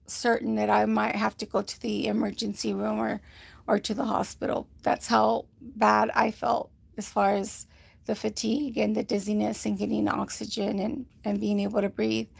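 A woman's voice: mid-range voice, vocal fry, breathy edge, no room sound. A woman giving a rambling, casual health update to livestream viewers, often quoting others and using many fillers, a little short of breath. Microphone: phone.

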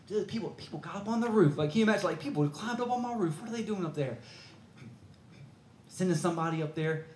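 A man's voice: on the high side, brisk, darkish tone, slight background noise. Storytelling preacher, man, earnest and conversational, roomy hall sound. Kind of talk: sermon.

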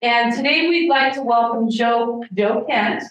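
A woman's voice: fairly high pitch, a little slow, fairly bright tone, muffled recording. A woman, an association president, reading a prepared introduction of the guest speaker. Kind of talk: formal introduction. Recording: very echoey and distant.

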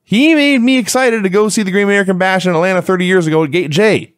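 A man's voice: high voice, fast, smooth, no room sound. A man co-hosting a wrestling review podcast, recapping events in a dry, sarcastic way. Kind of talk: casual chat, recapping.

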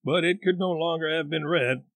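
A man narrating a classic novel in a measured, deliberate storytelling manner. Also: a little high, fairly bright tone, no echo. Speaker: audiobook narrator. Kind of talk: audiobook narration.

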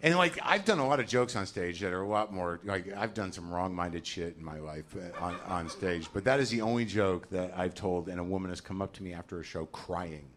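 A man in his forties doing a stand-up comedy set on a club stage, talking in a neurotic, ranting way and loudly acting out voices. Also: deep voice, brisk, hardly any pauses. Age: 40s.

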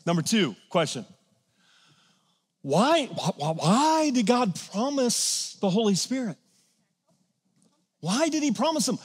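A man preaching a sermon in a church, conversational and energetic, swinging from casual asides to loud emphatic peaks. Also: sits high, unhurried, pauses often, slightly rough, in a large hall. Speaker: pastor. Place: church sanctuary.

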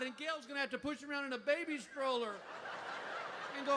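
A man's voice: very high voice, a little fast. A man performing stand-up storytelling, animatedly acting out his own panic. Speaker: stand-up comedian. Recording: clip with background noise.

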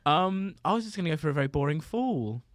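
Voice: medium pitch, lively intonation, quick pace, no room sound, clean studio sound. A podcast co-host speaking in hesitant, apologetic casual chat.

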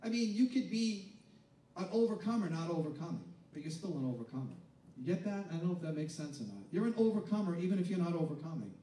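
Speaking fast and with lots of animation, this high-pitched male preacher gives a conversational sermon, voicing hesitant churchgoers' doubts and then rising to emphatic, shouted peaks. The mic sits far from him in a reverberant room where a faint ambient hum lingers.

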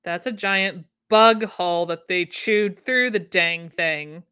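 Slow and on the low side, her voice has a sharp yet clear, resonant tone. She's a vintage sewing pattern host chatting enthusiastically on a casual livestream from a home room, answering viewer comments as they come in.

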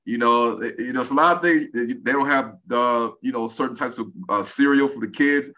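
An American man in his forties, on as a podcast guest, chats casually in a mid-range voice that runs a little fast with hardly any pauses. He tells stories with real animation, acting out the quoted speech.

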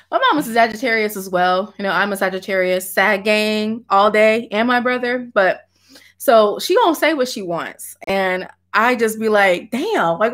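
A woman's voice: mid-range voice, a bit bright. A woman, chatting animatedly with viewers on a livestream from her home office and laughing often. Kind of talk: casual livestream chat.

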